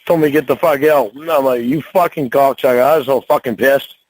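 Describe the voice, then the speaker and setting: Heard on a rough recording with slight background noise, this man speaks quickly at medium pitch with a steady tone. He's a trucker in a heated argument at home, cursing nonstop, rambling, and tripping over himself with restarts.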